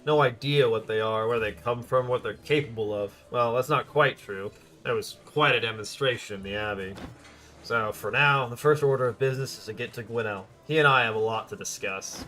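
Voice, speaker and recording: A persuasive, money-minded adventurer with a wry, matter-of-fact delivery, as a man reads him. The voice is bright and forward, sitting at an ordinary middle pitch. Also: brisk, close to an everyday voice. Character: scheming old adventurer, injured, money-minded.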